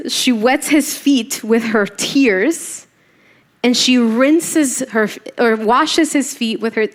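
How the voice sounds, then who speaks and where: A woman preaching a church sermon, telling a story casually and acting out the quoted voices. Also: on the high side. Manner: conversational storytelling, acts out quotes.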